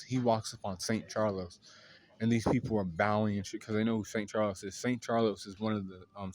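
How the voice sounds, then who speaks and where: A man with a fairly low voice tells a long story in a laid-back, rambling way. He leans on fillers and casual swearing as he goes. A faint hiss sits under the recording. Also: a little mellow. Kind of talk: casual anime recap.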